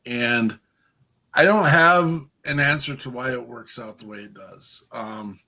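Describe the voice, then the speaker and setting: A man hosting a podcast, talking in a halting, casual way with many pauses and restarts. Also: medium pitch, bright, forceful tone. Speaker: host. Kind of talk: casual chat.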